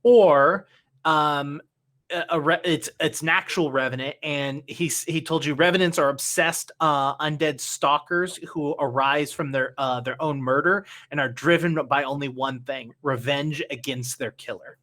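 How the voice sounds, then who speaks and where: A halting, filler-heavy game master. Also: mid-range voice, fairly bright tone. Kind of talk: narrating a tabletop game.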